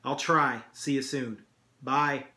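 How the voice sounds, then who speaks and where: A quiet, introverted teenage boy speaks in a low-key, understated way, as a man reading aloud gives him voice. The voice sounds bright. An echoey room is audible. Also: fairly even intonation, slow.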